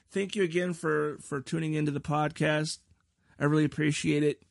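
A man's voice: a little high, steady tone, normal speed, creaky, dry recording, studio quality. A man hosting his own podcast in a rambling, self-deprecating casual chat, often stumbling over his words. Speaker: podcast host.

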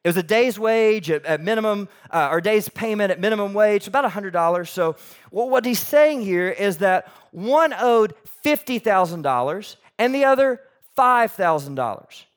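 High-voiced preacher with animated delivery. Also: male voice, moderate pace. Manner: animated, shifts between loud emphasis and soft near-whispers; conversational, asks the audience questions. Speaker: pastor. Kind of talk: sermon.

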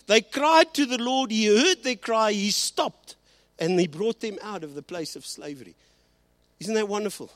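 Male pastor, bilingual sermon delivery, high expressive voice, dry close recording. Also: no room sound. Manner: switches between Afrikaans and English, slows and rises for emphasis.

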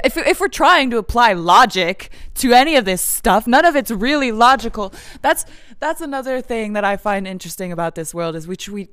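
A woman's voice: medium pitch, fairly bright tone, smooth, dry recording, clean studio sound. A woman talking in a casual, meandering monologue, full of fillers and frequent laughs.

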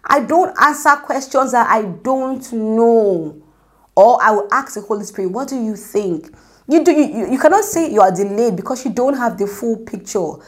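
A woman's voice: fairly high pitch, expressive, moderate pace. Chatty young woman giving a faith talk. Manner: conversational, repeats "do you get me?"; acts out quotes, drops to a whisper for prayers. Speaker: Christian speaker. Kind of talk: informal devotional talk.

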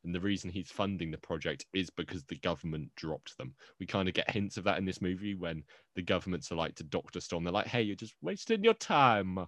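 A man's voice: low voice, animated, fairly quick, hardly any pauses, a bit bright, no room sound. A man co-hosting a movie podcast in casual, rambling, jokey chat, often interrupting himself. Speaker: podcast co-host.

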